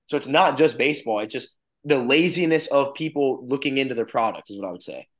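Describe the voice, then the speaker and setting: Twenty-something man from Florida, wrestling coach on a podcast, blunt, profane, mid-pitched. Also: fairly quick. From Florida, USA. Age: 20s. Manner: blunt, swears freely, animated rant. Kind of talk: casual podcast chat.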